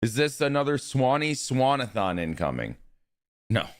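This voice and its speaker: A man's voice: mid-range voice, very animated, moderate pace. A young man streaming live, talking casually and with energy to his chat and greeting viewers by name.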